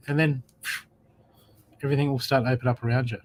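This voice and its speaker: A man's voice: medium pitch, little pitch movement, fast, a little mellow, a little hiss or hum. Man giving encouraging live card readings. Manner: repetitive, encouraging, addresses viewers by name. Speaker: psychic reader.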